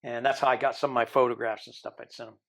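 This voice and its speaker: An older man, a podcast guest, tells his own story in a lively way and acts out the people he quotes. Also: medium pitch, fast talker, creaky. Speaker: interview guest.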